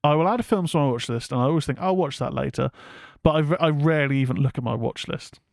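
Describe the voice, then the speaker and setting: A man's voice: a little high, quick pace, creaky, no echo, studio quality. A man from England hosting a casual film review show, rambling, swearing freely and reading out chat comments. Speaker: horror podcast host.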